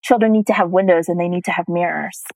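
A woman's voice: lowish voice, steady tone, quick pace, vocal fry, darkish tone, dry recording, low-quality recording. A middle-aged woman telling a personal story as a guest, reflective and at times choked up.

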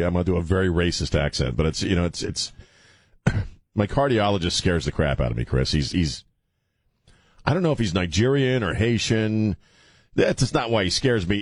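Animated, low-voiced male radio host. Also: dry recording. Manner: animated storyteller, laughs often, wisecracking. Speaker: radio talk show host. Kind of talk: casual talk radio chat. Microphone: studio microphone.

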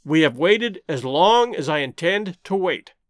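A man doing a domineering suitor in an old adventure tale, rough and curt, pushing his words out with force. The voice sits high with lively swings. The sound is dry and close. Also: brisk, no room sound. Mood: angry.

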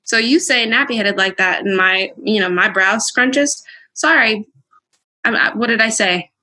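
Young female guest, straight shooter, husky bright tone, live-stream chat. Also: a little high, unhurried. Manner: blunt, straight-talking, animated. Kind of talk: candid conversation. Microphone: Instagram live stream.

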